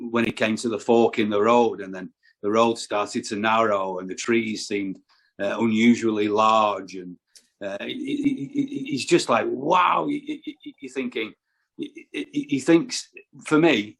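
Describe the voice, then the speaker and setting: A man's voice: on the low side, normal speed, creaky, fairly bright tone, slightly rough. A man on a podcast as a guest, talking casually and hesitantly, often stumbling and repeating words. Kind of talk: casual chat.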